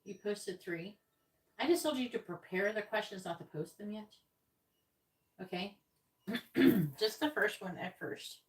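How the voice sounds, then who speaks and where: A woman's voice: medium pitch, lively intonation, echoey room. A woman giving a psychic reading on a live stream, talking to viewers and listing signs, letters and numbers, a little exasperated when correcting them. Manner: talks to viewers, repeats and spells out signs, letters and numbers slowly. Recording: slightly distant mic with faint noise.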